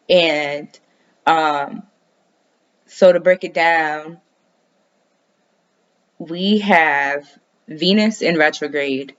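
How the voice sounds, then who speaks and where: A woman's voice: deep voice, dull audio. A woman chatting casually in a loose, rambling way and swearing freely as she talks through her dreams and astrology. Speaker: astrology vlogger. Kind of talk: casual personal chat.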